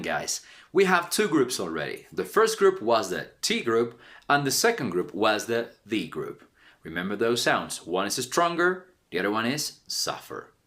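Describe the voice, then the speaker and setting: A man's voice: medium pitch, fairly bright tone. A man teaching an online English pronunciation lesson. He is upbeat and encouraging, talks straight to his viewers, and stretches and repeats sounds to show them.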